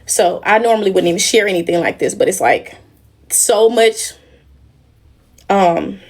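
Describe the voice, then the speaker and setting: A woman's voice: mid-range voice, measured pace, darkish tone. A young woman on a casual livestream, talking emotionally and in a rambling way straight to her viewers. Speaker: livestream host.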